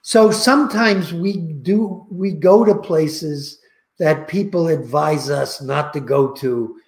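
An older man slowly telling heartfelt stories about his work, recorded on a video call. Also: on the high side, echoey room. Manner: slow, heartfelt, emotional anecdotes. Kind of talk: casual storytelling.

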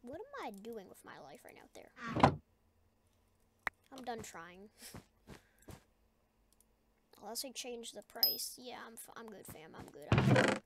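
A woman's voice: sing-song, measured pace, pauses often, heavy background noise. A woman giving goofy, rambling commentary while playing a video game, humming and singing to herself between remarks. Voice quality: high-pitched voice. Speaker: gaming video creator. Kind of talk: casual gameplay commentary. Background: loud background music.

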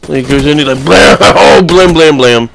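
A man's voice: fairly high pitch, normal speed, creaky, a bit bright, slight background noise. A young man giving casual, rambling, crude and joking voice-over commentary on his gameplay clips.

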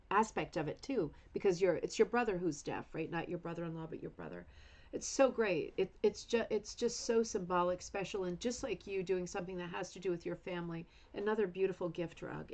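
A woman's voice: on the low side, rough recording. A middle-aged woman hosting a craft club livestream, chatting casually with viewers in a rambling way full of asides and restarts.

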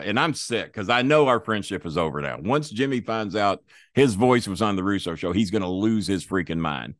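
A man's voice: lowish voice, animated, moderate pace, no echo, clean studio sound. An older man, a podcast guest, telling stories in a blunt, profane, plain-spoken way. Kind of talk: casual storytelling.

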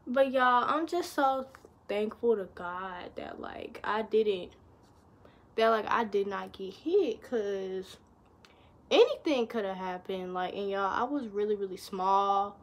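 Slow-talking young woman telling a story. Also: mid-range voice. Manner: chatty, addresses viewers as y'all, lively retelling. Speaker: vlogger. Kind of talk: casual storytime.

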